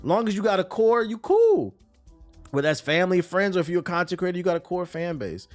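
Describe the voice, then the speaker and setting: A man streaming live, giving casual, profane, animated commentary on news, his voice a bit tired. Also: sits high, fairly quick, soft background music.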